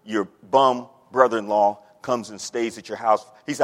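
A man's voice: medium pitch, normal speed, few pauses. A man preaching a sermon as pastor, folksy, with homespun stories and plain everyday sayings. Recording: long hall reverb.

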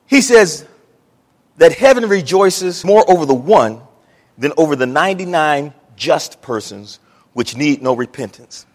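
Animated high-voiced man preaching. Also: measured pace, big-room sound. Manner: animated preaching, Southern folksy speech, acts out quotes. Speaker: pastor. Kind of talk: sermon.

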